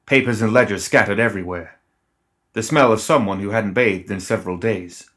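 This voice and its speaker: Lower-voiced man narrating an audiobook. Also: a little fast, a bit bright.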